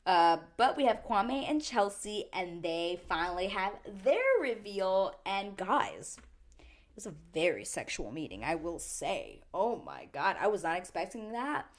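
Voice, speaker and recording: Chatty young woman, animated recap. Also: medium pitch, measured pace. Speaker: recap show host. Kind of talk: casual reality TV recap.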